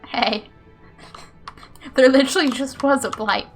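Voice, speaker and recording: A woman streamer chats playfully over a game, joking and slipping into whispers. Her voice sits fairly high. Faint game music runs underneath. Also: fairly even intonation, measured pace. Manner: playful, jokey, drops into whispered asides. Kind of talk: casual gameplay commentary.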